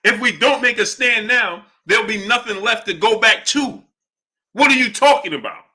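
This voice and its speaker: A man hosts a casual livestream, his voice sharp and ringing. He goes from low, mumbled shout-outs to loud, heated outbursts. He sounds preachy as he rants at whoever he is talking about. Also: normal speed. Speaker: livestream host. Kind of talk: casual livestream commentary, reading viewer chats.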